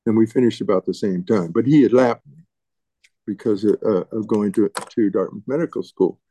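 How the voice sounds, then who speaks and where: An older man reminiscing as an interviewee, halting and often restarting and repeating his words. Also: fairly low pitch, warm tone, no room sound. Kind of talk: reminiscing storytelling.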